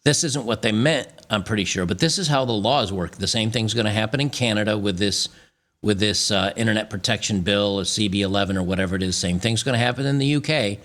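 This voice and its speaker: A man's voice: on the low side, fast, a bit bright. A man from the United States hosting an opinion commentary, reading news aloud and reacting, often stumbling and restarting. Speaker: channel host.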